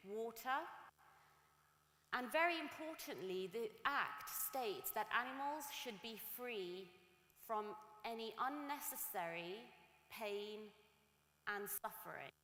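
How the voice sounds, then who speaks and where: A woman's voice: mid-range voice, fairly bright tone. Earnest woman speaking in an echoey hall. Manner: earnest, emphatic, repeats words while building points. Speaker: speaker at a talk. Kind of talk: public talk. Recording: echoey hall with long reverb.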